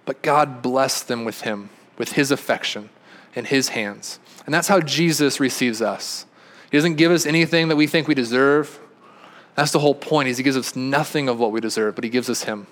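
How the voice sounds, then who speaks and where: A man preaching a sermon as pastor, earnest, often repeating and restarting phrases, swinging from emphatic peaks to quiet, soft statements. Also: medium pitch, moderate pace.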